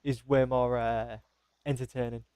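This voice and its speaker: A man hosting a casual podcast chat, joking in a wry, deadpan way. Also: mid-range voice, measured pace, clean tone, no echo. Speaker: podcast host.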